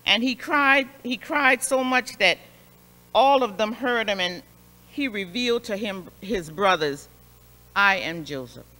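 Brief: woman Sunday school leader, slow and bright, storytelling with emphatic repeats, reverberant church hall. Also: fairly high pitch. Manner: expressive, repeats phrases for emphasis. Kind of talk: Bible lesson storytelling.

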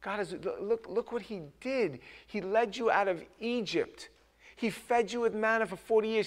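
This high-pitched man preaches at a moderate pace in a church sanctuary, serving as pastor. The sermon is conversational, informal and full of jokes, with many restarted sentences.

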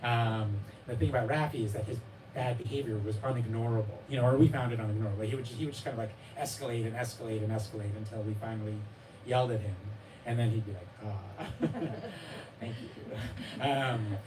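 Man, author, live bookstore talk, rambling, self-deprecating, mid pitch, distant mic, room noise. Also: steady tone, quick pace. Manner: rambling, self-deprecating, many restarts and fillers; acts out his child's and readers' voices with laughs. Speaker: author discussing his memoir. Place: bookstore event space.

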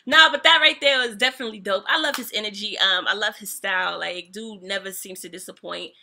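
Bright-voiced animated woman reacting to music. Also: mid-range voice, fairly quick, creaky, slight background noise. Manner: lively, animated, laughs often, slangy. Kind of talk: casual reaction commentary. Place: home room.

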